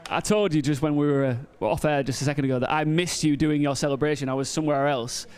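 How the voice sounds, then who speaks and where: A man interviewing a winning player live on the event floor in an excitable, upbeat manner. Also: a little high, fast talker. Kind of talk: live post-match interview. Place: esports event venue. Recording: noisy crowded event floor.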